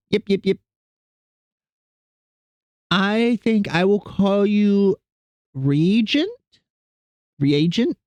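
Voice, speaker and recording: A man's voice: sits high, expressive, drawn-out words, pauses often, a little mellow, no room sound. A man streaming and chatting casually with his viewers, rambling and self-deprecating as he greets people in chat.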